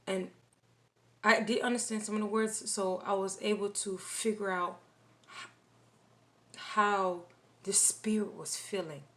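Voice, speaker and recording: A woman recounting a dream in casual spoken testimony, halting and repeating phrases with many restarts. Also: mid-range voice, steady tone, a bit bright.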